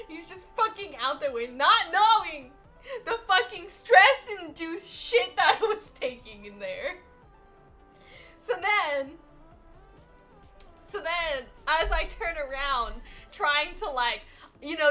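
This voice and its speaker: A woman narrating a comic storytime, animated and full of swearing, dropping to mumbles and then rising loud. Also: sits high. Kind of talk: casual comedic storytime voice-over.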